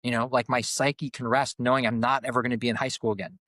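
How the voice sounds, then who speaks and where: A man's voice: mid-range voice, flat delivery, fast talker, fairly bright tone, dry recording. A man speaks as a coach in a reflective podcast conversation. He is earnest and often repeats a word while he finds his thought. His voice sits in the middle range and sounds dry and close to the mic. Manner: earnest, repeats words as he searches for them. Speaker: coach and group facilitator.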